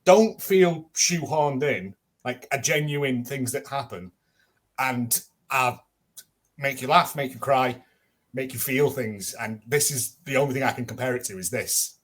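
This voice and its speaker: A man's voice: mid-range voice, measured pace, a bit bright. A man co-hosting a casual podcast chat, talking easily and often laughing as he speaks. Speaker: podcast co-host.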